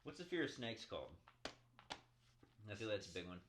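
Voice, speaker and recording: A man's voice: lowish voice, big pitch swings, moderate pace, background noise. A man co-hosting a podcast, talking casually in a blunt, profane, joking way. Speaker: podcast co-host. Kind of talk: casual chat. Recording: echoey room.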